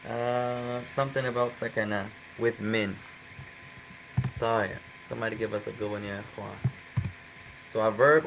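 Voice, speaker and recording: A man's voice: mid-range voice, fairly bright tone, a little hiss or hum, rough recording. A man teaching a live online Arabic class, coaxing his students and slipping Arabic phrases into English explanations.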